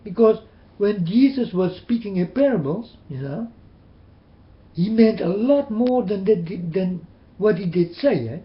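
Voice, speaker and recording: Guy preaching into his webcam, high voice, roomy muffled sound. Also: expressive, unhurried. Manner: urgent, repeating, pleading with listeners. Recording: roomy, dull webcam audio.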